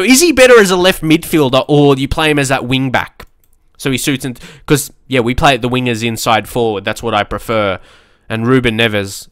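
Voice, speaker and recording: A young man, giving casual, excitable commentary on a football management game and often laughing at himself. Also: medium pitch, dry recording, studio quality. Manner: excitable, quick to shout at match moments, laughs at himself. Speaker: gaming YouTuber.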